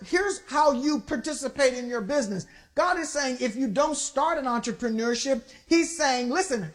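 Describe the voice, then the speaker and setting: A middle-aged woman preaching a sermon, working the congregation with call-and-response and rising to shouts. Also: high voice.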